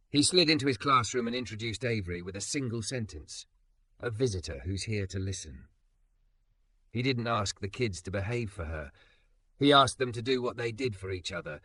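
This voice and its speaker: A man narrating a scripted story in an even, measured reading. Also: lowish voice, no room sound.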